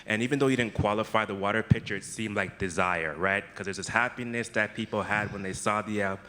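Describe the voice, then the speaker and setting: Male moderator, low but bright and forceful, in a big reverberant hall. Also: brisk. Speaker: session moderator. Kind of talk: moderating audience questions. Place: conference hall.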